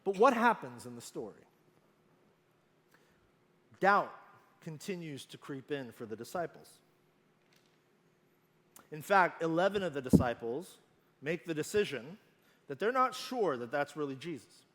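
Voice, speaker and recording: A male pastor preaching a sermon, earnest and emphatic, slowing down to stress key phrases. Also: fairly high pitch, sing-song, a bit bright, big-room sound.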